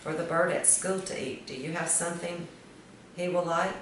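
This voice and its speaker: A woman's voice: on the low side, moderate pace, close to an everyday voice. A woman voicing a forgetful young schoolboy in a storybook reading. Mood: cheerful. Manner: lively, questioning. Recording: echoey room, distant mic, noise.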